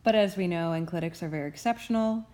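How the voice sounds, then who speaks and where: A woman's voice: lowish voice, quick pace, dark tone. A woman professor giving a recorded grammar tutorial, explaining each rule patiently and methodically and repeating key terms.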